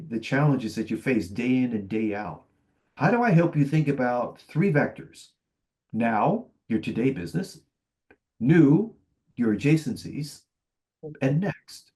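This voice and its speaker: A man on a panel recounts sales stories in a confident, punchy way with dry humour. His voice sits in an ordinary middle pitch. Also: a little mellow. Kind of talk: panel discussion, storytelling.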